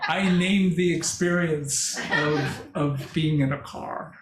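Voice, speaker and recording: An older man giving a conference talk and answering questions, speaking slowly and reflectively with halting restarts. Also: on the high side. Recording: echoey hall with faint noise.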